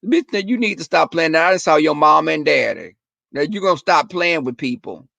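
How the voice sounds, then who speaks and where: Male stream host, sassy and profane, slightly high voice, dry sound. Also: lively intonation, a little fast, vocal fry, sharp tone, no echo. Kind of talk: casual chat with viewers.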